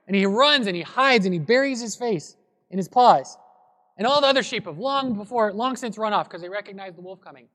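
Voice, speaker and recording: A man preaching a sermon as a pastor, telling a story in a relaxed, conversational way. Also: high-pitched, fairly quick. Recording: long hall reverb.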